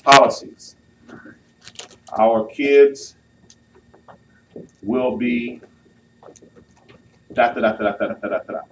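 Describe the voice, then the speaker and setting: Man, youth speaker, playful, acts out voices, slow delivery, far from the mic. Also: medium pitch, fairly bright tone. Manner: playful, acts out couples' lines with audience laughter. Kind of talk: sermon. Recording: distant mic with faint noise.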